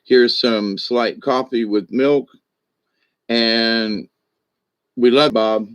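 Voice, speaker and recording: A man's voice: mid-range voice, steady tone, extremely slow, a bit bright, no echo. A man in his sixties, a spiritual teacher, talking through his thoughts in a reflective monologue with frequent restarts and asides. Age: 60s.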